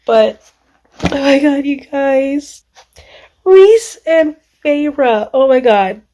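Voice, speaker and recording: A woman book vlogger talking casually to the camera, gushing and excitable, rambling with many fillers and restarts. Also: high-pitched, drawn-out words. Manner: gushing, excitable, lots of exclamations. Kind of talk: casual reading vlog.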